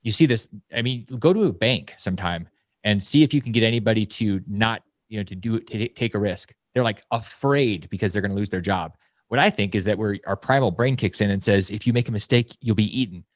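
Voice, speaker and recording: A man in his forties, a podcast guest, talking bluntly and emphatically, jumping into loud mocking quotes. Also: on the low side, a little fast, no echo. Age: 40s. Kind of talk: fast, blunt podcast talk.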